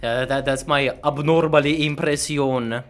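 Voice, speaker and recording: A man's voice: fairly high pitch, steady tone, a bit bright. A man impersonating a male Swedish streamer screaming over unboxing a knife. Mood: ecstatic screaming. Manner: shrieking, drawn-out screams of joy.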